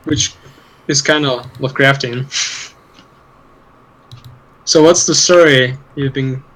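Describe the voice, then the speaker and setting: A man's voice: medium pitch, steady tone, takes it slowly, long pauses, fairly bright tone, rough recording. A man co-hosting a podcast, rambling in casual chat with lots of swearing and laughter. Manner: rambling, profane, laughs often. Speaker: podcast co-host.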